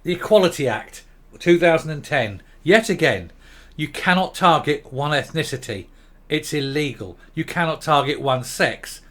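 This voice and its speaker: A middle-aged English man delivers a sarcastic, exasperated rant. His voice sits a little high and comes out sharp and forceful. He trips over his words and restarts as his frustration builds. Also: lively intonation, moderate pace. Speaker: commentary vlogger. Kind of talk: opinion rant.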